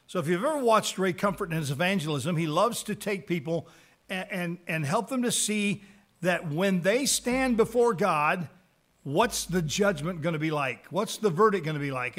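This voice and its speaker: A man teaching a Bible lesson on evangelism, reading verses aloud slowly and then explaining them in plain words, often repeating words for emphasis. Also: high voice, fairly bright tone.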